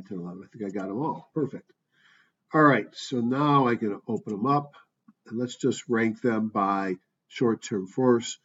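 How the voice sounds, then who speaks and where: A man talking through stock charts in an offhand, thinking-aloud way, with frequent ums and asides. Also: medium pitch. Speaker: stock market commentator. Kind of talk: casual screen-share market review. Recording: dull distant mic with faint noise.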